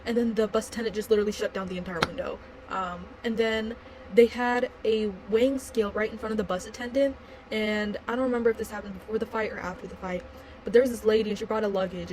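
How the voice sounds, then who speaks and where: A woman's voice: mid-range voice, background noise. A young adult woman vlogger telling a story in a rambling, casual way, full of fillers like "like" and blunt swearing.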